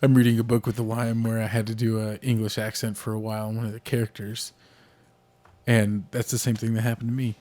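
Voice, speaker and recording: Speaking fast in a mellow, fairly low voice with a level tone, this young podcast co-host from the United States wanders through talk of politics and movies. His speech is packed with fillers like "like" and "uh," and he often starts sentences over.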